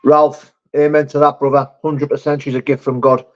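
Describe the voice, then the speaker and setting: A male livestream host reads viewers' comments aloud and replies with blunt, sweary remarks in a casual stream. His voice is medium-pitched with little pitch movement and a moderate pace, and the lo-fi recording sounds a bit dull.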